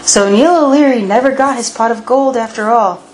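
A woman reads a children's story aloud with playful, expressive delivery. The room is echoey, and a faint hum of ambience sits underneath her voice. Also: fairly high pitch, moderate pace. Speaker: paranormal investigator reading to spirits. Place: historic house interior.

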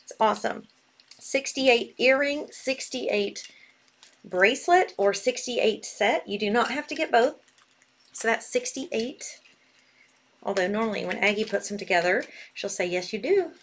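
A woman's voice: on the high side, unhurried. A woman hosting a live sale, bubbly and gushing as she talks. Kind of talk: live selling stream.

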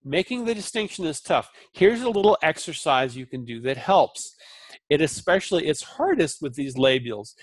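A man teaching a recorded Sanskrit lesson, repeating syllables slowly and explaining them in a relaxed way with many fillers. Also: a little high, dry recording. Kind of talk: recorded lecture.

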